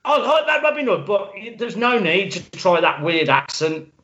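Excitable man, podcast co-host, high, bouncy voice, muffled lo-fi sound. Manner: excitable, quick to exclaim and laugh. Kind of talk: casual film podcast chat. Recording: dull lo-fi sound.

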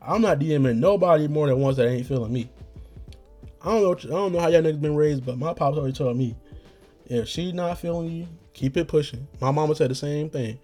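A young man rambling through a story in loose, profane slang, and he acts out every quote. His voice is warm and mellow. Faint music plays underneath. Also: fairly high pitch, a little fast. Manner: slangy, profane, animated retelling with acted-out quotes. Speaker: podcast host.

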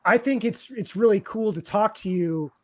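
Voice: medium pitch, moderate pace, a little mellow. Rambling, easygoing radio host voice. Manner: rambling, repeats words while thinking aloud. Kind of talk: casual interview hosting.

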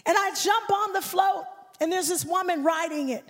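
A woman preaching as a guest speaker in a church, building fervently and breaking into shouts and a sung cadence on a handheld microphone. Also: very high-pitched, moderate pace. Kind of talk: impassioned sermon. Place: church sanctuary. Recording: long church hall reverb.

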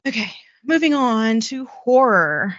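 A woman's voice: a little high, lively intonation, takes it slowly, a bit bright, no echo, lo-fi sound. A woman co-hosting a podcast, frankly chatting about books she has read. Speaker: podcast co-host. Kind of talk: casual book chat.

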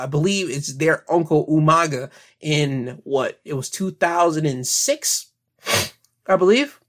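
A young man hosting a podcast, casually recounting wrestling events with frequent fillers. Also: fairly high pitch. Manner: recounts events in future tense, filler-heavy. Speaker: podcast host.

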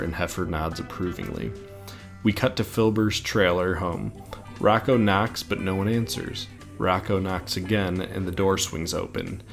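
A man co-hosting a podcast, casually retelling an episode idea with relaxed fillers. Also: sits low, gravelly. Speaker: podcast co-host.

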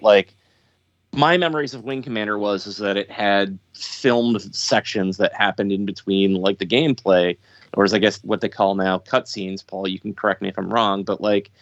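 A man hosting a podcast, talking thoughtfully in casual chat and pausing often on ums and uhs. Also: lowish voice, no room sound. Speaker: podcast host. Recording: dry, dull lo-fi sound.

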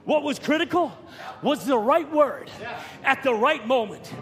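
A man preaching a sermon, telling a story with repeated words and rising to shouts at key points. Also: very high voice, lively intonation, a little slow. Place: church hall. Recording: long reverb of a church hall.

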